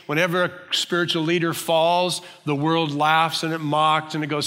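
A man's voice: fairly high pitch, little pitch movement, normal speed, few pauses, bright, forceful tone, long reverb tail. A man preaching a sermon as a pastor, earnest and emphatic.

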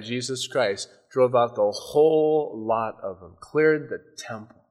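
A man preaching a sermon, animated, often dropping to a hushed, intense voice for emphasis. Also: medium pitch. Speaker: pastor.

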